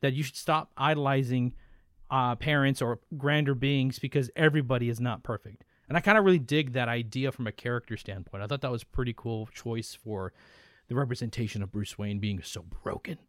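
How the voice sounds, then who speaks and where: A man's voice: mid-range voice, a little fast, no room sound, studio quality. A man hosting a casual film chat, playful and teasing, given to talking at length.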